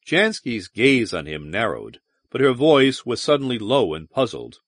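A man narrating a science fiction audiobook in an expressive, dramatic reading on a close mic. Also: medium pitch, unhurried, no room sound.

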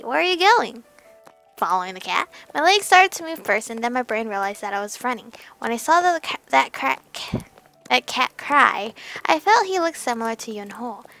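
A woman's voice: on the high side, creaky, a bit bright. A woman streamer reading a story game aloud and adding giggly, chatty asides.

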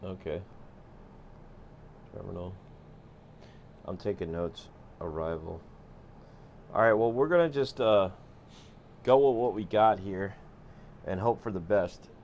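A man's voice: sits low, expressive, slow, long pauses, darkish tone, dull audio, slight background noise. A man streaming a flight simulator, chatting casually and joking with his viewers as he sets up the flight. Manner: laid-back, joking, thinking aloud. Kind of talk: casual live-stream chat.

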